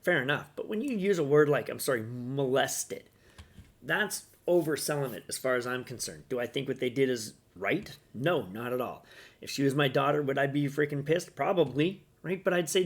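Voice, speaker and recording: A man's voice: medium pitch, animated, normal speed. Indignant man ranting in a vlog. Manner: indignant and sarcastic, emphatic. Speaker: commentator. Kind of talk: opinion rant vlog commentary.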